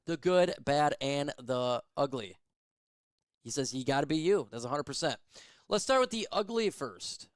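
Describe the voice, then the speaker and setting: A man doing live fan play-by-play of a football game, emotional and excitable, shouting on big plays and chatting with viewers. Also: on the high side, normal speed, dry recording, clean studio sound.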